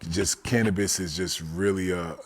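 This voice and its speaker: A man in his forties, a guest telling a personal story in a casual, animated way. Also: low-pitched, moderate pace. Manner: animated storyteller, often says "you know what I'm saying".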